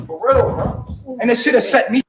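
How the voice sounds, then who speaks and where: Agitated man venting, slangy, very high voice, echoey recording. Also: expressive, moderate pace, a crowd in the background. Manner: agitated, repeats "bro", slangy. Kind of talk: heated venting to the camera. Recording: echoey archival clip.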